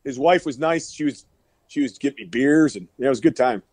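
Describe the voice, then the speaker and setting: A middle-aged powerlifter guesting on a podcast, telling rowdy, profane stories and laughing often over a remote call that breaks up. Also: male voice, mid-range voice, a little fast, a little mellow, husky, no echo. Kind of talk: casual storytelling.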